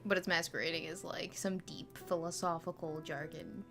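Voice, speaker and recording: Female podcast co-host, slightly low but bright voice, curious and dry, faint music behind. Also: fairly even intonation, moderate pace. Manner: curious, dry, asking questions. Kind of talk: casual chat.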